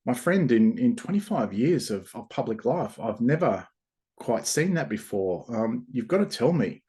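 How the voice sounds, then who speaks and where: A man's voice: mid-range voice, sing-song, moderate pace, mellow, close to an everyday voice. A man voicing a curious, friendly male visiting prime minister in a spoken parable.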